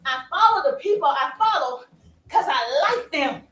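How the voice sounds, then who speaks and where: High-voiced lady coaching as she walks, playful and punchy, roomy sound from a ways off. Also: normal speed, far from the mic. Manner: animated, playful and emphatic, with asides and laughs. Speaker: social media marketing coach. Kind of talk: energetic coaching talk to camera.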